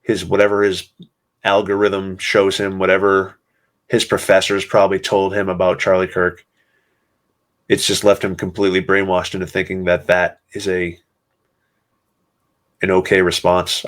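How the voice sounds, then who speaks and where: A man hosting a solo podcast, talking in a somber, sarcastic way with many pauses. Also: low-pitched, fairly bright tone. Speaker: podcast host.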